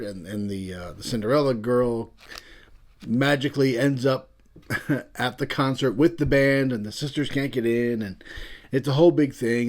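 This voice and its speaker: A man's voice: medium pitch, a little mellow. A man with a Philadelphia accent, hosting a casual, rambling video about a classic album. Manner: chatty, rambling, self-amused. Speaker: channel host.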